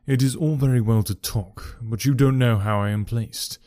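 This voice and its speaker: A man's voice: medium pitch, normal speed, mellow, dry recording, clean studio sound, close to an everyday voice. A man doing a timid, pleading old father. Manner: pleading, tame. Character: frightened elderly father, timid and placating.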